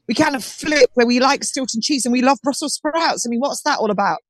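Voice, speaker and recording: On a live call-in show, a guest from southern England walks through an outdoor market and describes it by phone. Her high voice is brisk and animated, she restarts often, and there's no room sound.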